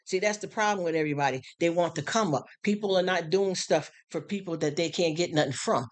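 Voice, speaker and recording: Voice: mid-range voice, brisk. A live-stream host talking at home in a casual, preachy monologue, firing off rhetorical questions about faith and giving.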